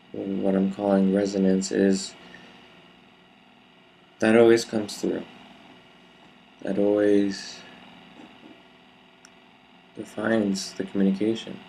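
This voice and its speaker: Man, low gravelly voice, flat delivery; reflective solo talk. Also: slight background noise, poor audio. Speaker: video speaker.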